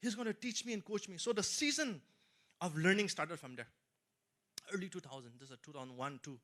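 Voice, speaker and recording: A man's voice: sits high, lively intonation, a little fast, pushed and bright. A middle-aged man preaching a sermon as earnest personal testimony, stressing key phrases and speaking directly to his listeners. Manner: earnest testimony, rising emphasis and repeated asides to listeners.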